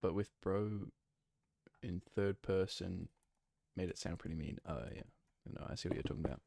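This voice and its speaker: A man's voice: low voice, moderate pace, creaky, background noise. A man chatting casually and rambling while he plays a building game and answers his live chat. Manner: rambling, easygoing, lots of fillers and self-corrections. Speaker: streamer playing a block-building game.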